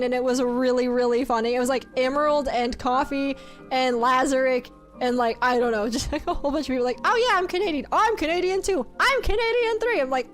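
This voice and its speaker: A woman streamer chatting casually with her viewers, giggling often and reading their messages aloud. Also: high-pitched. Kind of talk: casual live-stream chat.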